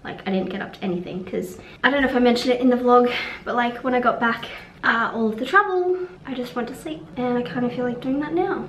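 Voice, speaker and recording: A woman's voice: on the high side, quick pace, a little hiss or hum. Rambling young woman, echoey room. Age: young adult. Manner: rambling, frank, swears, trails off. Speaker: vlogger. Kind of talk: casual vlog monologue. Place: room at a conference venue.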